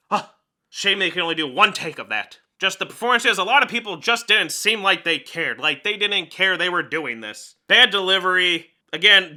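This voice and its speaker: A man's voice: high voice, bright, forceful tone. A man hosting a comedic film review, grumbling sarcastically and joking in self-pity.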